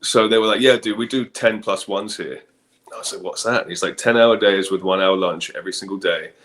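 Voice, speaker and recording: Middle-aged male director, very low voice, relaxed and reflective. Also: a little fast. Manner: relaxed, thoughtful, many ums and you-knows. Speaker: film director guest. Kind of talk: casual interview chat.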